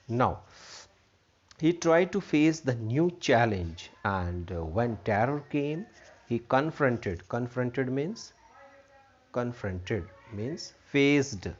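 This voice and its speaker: Slow-talking man teaching English. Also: medium pitch. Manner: repeats and defines words, many fillers. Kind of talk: explaining a textbook lesson. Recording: dull lo-fi recording.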